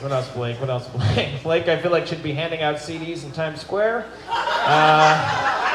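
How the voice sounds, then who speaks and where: High-voiced profane man roasting in a bar. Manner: profane, rambling, laughing at his own jokes. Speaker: roast guest of honor. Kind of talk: live stand-up roast. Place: bar with a live audience. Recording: echoey bar room, loud background noise.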